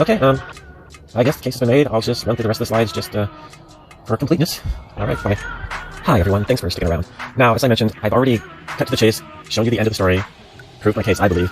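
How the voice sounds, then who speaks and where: A man's voice: lowish voice, very fast, pauses often, music in the background. A man hosting his own channel, reading out comment screenshots aloud and breaking in with rambling, sarcastic asides. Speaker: channel host.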